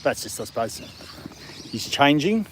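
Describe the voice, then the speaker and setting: A man's voice: medium pitch, measured pace. Laid-back Australian man, mid-range voice, chatting easily outdoors with faint background noise. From Australia, country town. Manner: relaxed, rambling, chuckles often, coos at his dog. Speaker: dog livestream host. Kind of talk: casual outdoor livestream chat. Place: outdoors in a city park in the evening.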